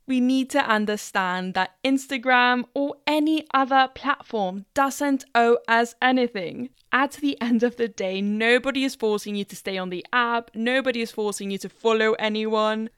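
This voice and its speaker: A woman's voice: a little high, moderate pace, few pauses, fairly bright tone, clear, resonant tone, dry recording, clean studio sound. A woman vlogger giving blunt, opinionated commentary.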